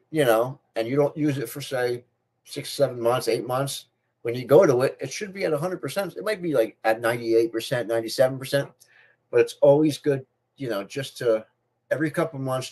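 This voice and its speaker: A middle-aged man with a mid-range, darkish voice hosts a channel and chats casually to his viewers on camera about personal things. He has a speech difference, not a stutter, and repeats and restarts phrases as he goes.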